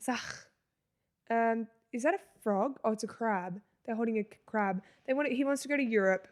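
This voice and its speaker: Young woman, podcast co-host, playful teasing banter, slightly high pitch. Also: moderate pace. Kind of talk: casual chat.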